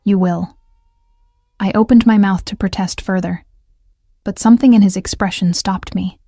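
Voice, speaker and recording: A woman narrating a first-person romance audiobook in a measured, even way. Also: medium pitch, no room sound, clean studio sound.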